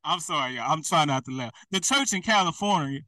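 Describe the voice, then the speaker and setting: Young preacher guy, high bright voice, chatty and laughing, sounds a bit far off. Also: a little fast, no room sound. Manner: lively, conversational, laughs often. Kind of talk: sermon.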